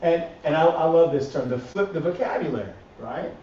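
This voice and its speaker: A man's voice: on the high side, expressive, fairly quick, mellow, slight background noise. Guy giving a church talk, keeps saying right?, sounds far off and kinda dull lo-fi. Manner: repetitive restarts, rhetorical "right?" tags. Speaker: ministry teacher. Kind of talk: recorded teaching session. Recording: roomy, distant, dull lo-fi audio.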